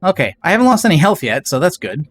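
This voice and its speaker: A man's voice: a little high, sing-song, fast, faint music behind. A man casually chatting on a live game stream, rambling and greeting viewers in chat. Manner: rambling, reads out chat names.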